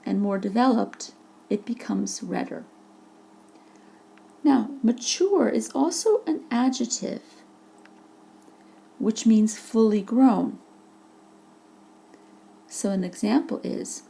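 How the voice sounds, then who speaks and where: This is a voice-over for a slide presentation in which a woman teacher patiently walks through vocabulary, giving examples for each word. She has a medium-pitched voice that is mellow with a creaky quality.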